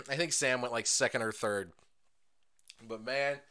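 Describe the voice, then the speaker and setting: Taking things slowly in a medium-pitched voice, a young adult podcast co-host tells animated stories during a casual chat. He swears often, laughs a lot and performs different voices.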